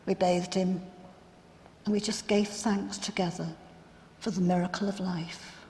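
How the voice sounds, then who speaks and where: A woman playing a grieving biblical sister in a first-person dramatic monologue, telling her story in an earnest, reflective, halting way. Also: on the low side, flat delivery, mellow, slight background noise, lightly acted. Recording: long hall reverb.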